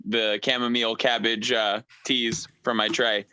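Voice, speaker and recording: A man's voice: mid-range voice, flat delivery, measured pace, bright, forceful tone, a little hiss or hum. A man playing a tabletop game, speaking hesitantly with a polite, formal in-character manner. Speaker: player. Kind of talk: tabletop role-play.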